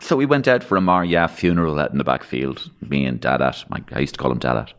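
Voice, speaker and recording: Irish male podcast guest, very low-pitched, anecdotal storyteller with a macabre wit. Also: fast talker. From Ireland. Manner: rambling anecdotal storyteller, dark humour, acts out voices.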